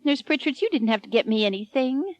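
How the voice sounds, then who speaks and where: Woman playing a sweet sentimental old lady bride, high fluttery voice, dry close sound. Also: expressive, brisk, no room sound. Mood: tender.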